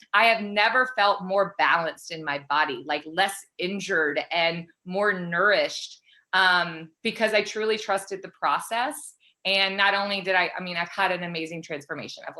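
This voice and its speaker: A woman in her thirties, a fitness coach talking fast and excitedly as a guest on a call interview. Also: fairly low pitch. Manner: excited, fast-flowing, pep-talk energy.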